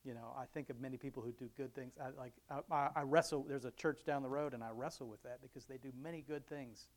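A man's voice: medium pitch, fairly even intonation, fast talker. A middle-aged man giving a casual devotional talk, rambling, chuckling often and restarting his sentences. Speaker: Christian speaker.

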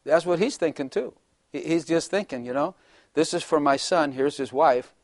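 A man's voice: fairly high pitch, normal speed, dry recording, clean studio sound. Chuckling older man preaching. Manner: chatty, jokey, laughs often, acts out voices. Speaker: pastor. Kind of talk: humorous sermon.

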